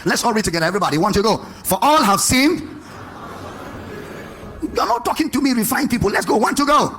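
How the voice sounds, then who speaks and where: A man's voice: extremely high pitch, lively intonation, fast, over music. A man preaching a sermon, questioning his congregation and stressing points in a sing-song way. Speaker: pastor.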